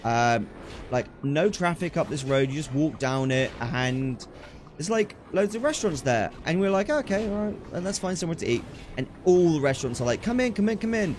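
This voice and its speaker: A young British man streaming a game while telling a holiday story in a chatty, slang-filled, excitable way. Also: a little high, moderate pace, a little hiss or hum. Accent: British English. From Britain. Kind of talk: casual storytelling while gaming.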